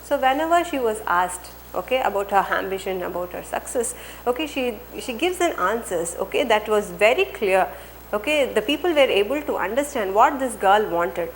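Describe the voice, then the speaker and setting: A woman's voice: medium pitch, expressive, normal speed, slight background noise, low-quality recording. A woman teacher with an Indian English accent reads a textbook passage aloud, then explains it line by line, adding "okay" often and asking and answering her own word questions.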